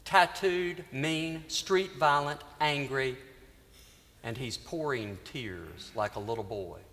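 A man priest preaching a sermon in a church, telling a story earnestly with dramatic pauses. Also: medium pitch, bright, forceful tone. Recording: reverberant church hall.

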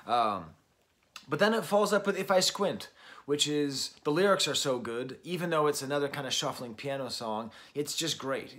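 A man's voice: mid-range voice, a bit bright. A man hosting a casual album review from home, talking while working out, hesitant and full of ums and small chuckles. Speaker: host and record reviewer.

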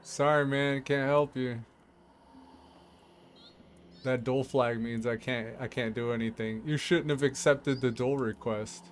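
A man's voice: mid-range voice, steady tone, a little slow, pauses often, slight background noise. Laid-back man musing over gameplay. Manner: rambling, laughs often, talks to himself. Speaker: gameplay streamer. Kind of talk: casual gameplay commentary.

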